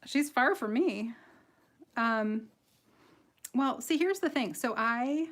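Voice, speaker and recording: A woman's voice: fairly high pitch, expressive, takes it slowly, fairly bright tone. A woman from Michigan with a slight nasal Michigan accent, chatting casually and giggling as she hosts a live coloring tutorial. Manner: chatty, giggly, self-deprecating, rambling. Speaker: livestream host and coloring artist.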